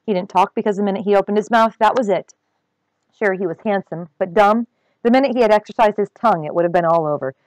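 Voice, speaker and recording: A woman reading a novel aloud with expressive, dramatic storytelling. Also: medium pitch, quick pace, dry recording, rough recording.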